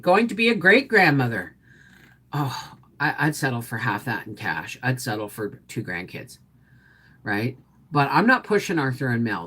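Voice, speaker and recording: A middle-aged woman talks casually on a live stream, her low, husky voice swinging widely in pitch. She coos at her dog in a high baby voice, then turns chatty with her viewers. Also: fairly bright tone. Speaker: homestead livestream host.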